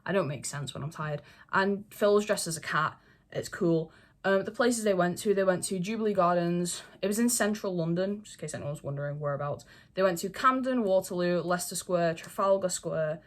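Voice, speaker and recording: A woman's voice: fairly low pitch, brisk. A young woman chatting to camera in a casual, rambling way, full of fillers and swearing. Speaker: fandom video creator. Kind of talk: casual chat, talking to camera.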